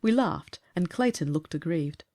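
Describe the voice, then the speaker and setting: A woman narrates a classic tale in a composed, even storybook reading. Her voice sits a little low and stays steady through the descriptions. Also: unhurried.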